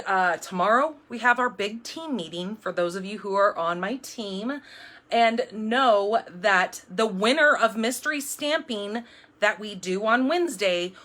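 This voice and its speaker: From home, a middle-aged woman demonstrates card-making on a live craft stream, her mid-range voice bright and forceful. She chats in an upbeat, rambling way full of fillers and restarts, and calls herself jumpy.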